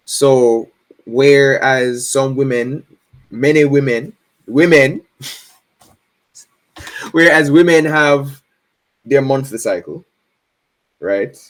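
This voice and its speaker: A Jamaican man, a guest in a casual interview, explaining things in a relaxed way with frequent laughs and "right?" tag questions. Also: mid-range voice.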